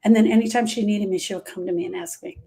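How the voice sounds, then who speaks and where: A woman's voice: mid-range voice, fairly even intonation, fast talker, gravelly, dark tone. A woman grief specialist talking live to her viewers, giving emphatic, repetitive, direct advice.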